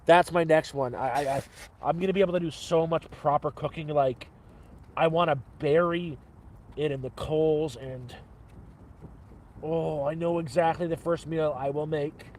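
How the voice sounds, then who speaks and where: A man's voice: a little high, steady tone, normal speed, darkish tone, slight background noise. A man hosting a live cooking stream from his camp, rambling cheerfully to viewers and swearing freely.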